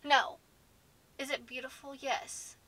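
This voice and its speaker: A woman's voice: high-pitched, level tone, slow. Chatty woman sorting makeup. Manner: chatty, indecisive, laughs often. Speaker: beauty vlogger. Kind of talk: casual chat to camera. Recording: audible background noise.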